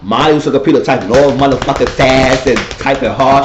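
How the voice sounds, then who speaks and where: A man's voice: mid-range voice, fast talker, few pauses, a crowd in the background. A man giving a casual, rambling, profane recap of a TV episode. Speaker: TV recap vlogger. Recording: roomy lo-fi home recording.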